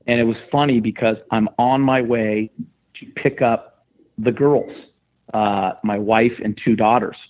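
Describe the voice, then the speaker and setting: A man, a sports radio host, retelling a story in casual podcast talk, getting animated and loud as he goes. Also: unhurried. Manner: excited, animated retelling with rising pitch. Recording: tinny phone line.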